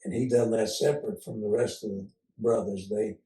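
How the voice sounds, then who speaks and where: An older man, low and mellow, recalling his past as an unhurried, folksy storyteller. He heads into his tales with frequent "uh" pauses. His voice sounds roomy and set back from the mic. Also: fairly even intonation, recorded from a distance. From Oklahoma. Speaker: interview guest. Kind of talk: casual storytelling interview.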